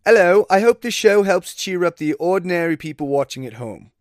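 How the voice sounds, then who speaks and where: A man's voice: sits high, expressive, a little fast, no echo, studio quality, pitched above the performer's own voice. A man voicing a British comedian roasting an awards crowd, in a clumsy put-on British accent that drifts toward Australian. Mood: mocking.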